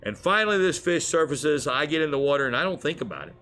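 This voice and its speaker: A man co-hosting a casual fishing show, telling stories with lively put-on voices and frequent laughs. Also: on the high side, fast talker. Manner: animated storyteller, laughs often.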